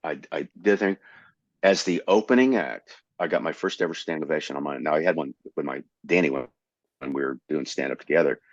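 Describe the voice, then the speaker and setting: A man in his sixties from Florida, a comedian guest telling animated stories in casual conversation. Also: rumbling low, fast talker, no echo. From Tampa, Florida. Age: 60s. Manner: animated storyteller. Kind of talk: casual storytelling. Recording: dull, slightly lo-fi dry recording.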